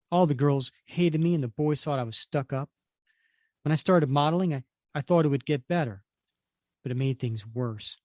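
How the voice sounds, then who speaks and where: An insecure young heroine, as a man reads her lines, confessing her hurt in a plain, slightly high voice. The tone is self-pitying and wounded. The sound is dry and close. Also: a little mellow, no echo, lightly acted. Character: insecure young female hero, former model.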